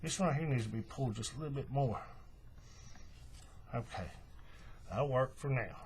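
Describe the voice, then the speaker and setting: A man walks through a hands-on craft demonstration in a relaxed, folksy way, narrating each step as his hands work. His pitch rises and falls a lot as he explains. A faint hum sits under the recording. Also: normal speed. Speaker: craft tutorial host.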